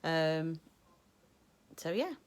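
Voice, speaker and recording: Chatty woman vlogging, low-pitched. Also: very animated, very slow, clear, resonant tone. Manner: chatty, rambling, many ums. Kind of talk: casual weight-loss vlog chat.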